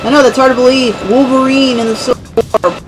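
A man's voice: extremely high pitch, flat delivery, fast, over music, poor audio. A man giving casual, rambling let's play commentary, joking about himself and the game as he plays. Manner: rambling, self-mocking, chuckling.

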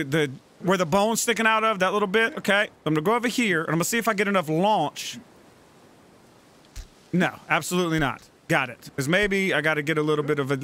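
A man giving excitable, profane gameplay commentary, yelling at and coaching his game character. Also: high voice. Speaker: let's play gamer.

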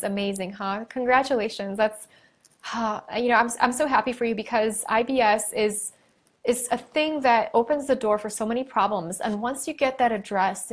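A woman hosting a live stream, reading viewer comments aloud and cheering them on in a warm, effusive way, with many fillers. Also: fairly high pitch.

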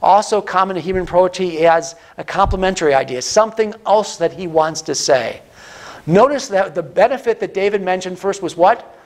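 High-voiced man preaching a Bible teaching. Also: normal speed. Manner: repeats key lines for emphasis, asks the listeners questions. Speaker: pastor.

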